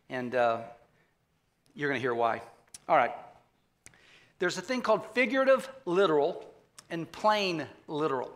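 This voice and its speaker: A man's voice: sits high, bright, forceful tone. A man pastor giving a conversational sermon, often asking the congregation questions. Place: church auditorium.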